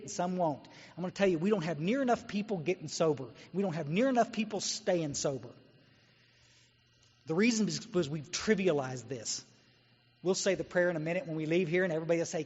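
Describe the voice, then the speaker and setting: Blunt husky man in echoey hall. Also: sits high. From Texas. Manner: blunt, exhorting, storytelling. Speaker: guest speaker. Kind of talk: recovery meeting talk. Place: meeting hall. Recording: dull echoey hall recording.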